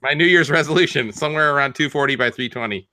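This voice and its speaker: A man making a deadpan joke in a casual group chat. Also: a little high, fast talker, no room sound.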